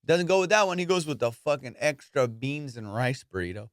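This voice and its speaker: A man hosting a podcast, telling stories in a casual, profane, animated way and acting out his friends' lines. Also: mid-range voice, a little fast, no room sound, studio quality. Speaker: podcast host. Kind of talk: casual storytelling chat.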